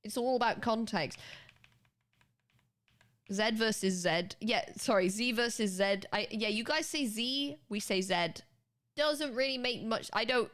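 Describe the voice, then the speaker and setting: A young British woman streaming and chatting casually with her chat, animated and quick to laugh, with casual swearing. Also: medium pitch. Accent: British English. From United Kingdom. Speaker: livestreamer.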